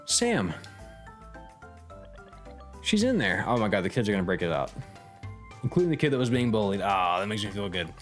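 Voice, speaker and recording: A man's voice: fairly low pitch, expressive, quick pace, faint music behind. A man casually commentating on a game as he streams it, joking and reading the dialogue aloud.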